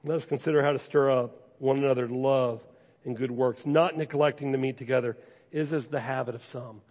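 A pastor preaches a sermon in a mid-range, slightly mellow voice, speaking a little fast with fairly even intonation. Earnest and conversational, he repeats key phrases to urge listeners on, with long reverb from a large hall.

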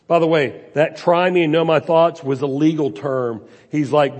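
Husky preacher in a reverberant hall. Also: male voice, medium pitch, fairly even intonation, normal speed, hardly any pauses, a little mellow. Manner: preaching with rising and falling emphasis, rhetorical questions. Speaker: pastor. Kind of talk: sermon.

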